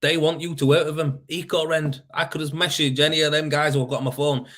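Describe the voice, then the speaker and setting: A man's voice: on the high side, level tone, fast, hardly any pauses, fairly bright tone. A man hosting a casual live show, talking loosely and swearing. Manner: swearing, mate-heavy and chatty. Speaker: podcast host. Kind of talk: casual live-stream chat.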